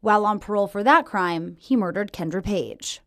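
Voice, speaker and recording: A woman TV news reporter narrating a scripted crime report in a crisp, measured delivery. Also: medium pitch, fairly bright tone.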